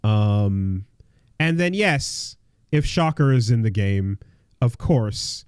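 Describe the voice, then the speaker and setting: A man's voice: fairly low pitch, expressive, slow, a little mellow, smooth, no room sound, clean studio sound. A man co-hosting a casual podcast, rambling and swearing, with lots of fillers and restarts. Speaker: podcast co-host.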